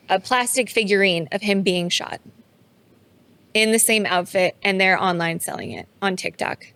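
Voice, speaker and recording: A woman with a mid-pitched voice co-hosts a casual podcast chat. She tells of recent events with steady indignation. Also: gravelly, clean tone. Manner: indignant, recounting events in a steady conversational flow. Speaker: podcast co-host.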